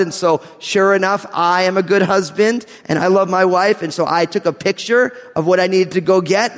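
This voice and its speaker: A man from New Jersey preaching a sermon, mixing scripture reading with animated, joking stories and laughing through his lines. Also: high-pitched, in a large hall. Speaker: pastor. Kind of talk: sermon with humorous storytelling.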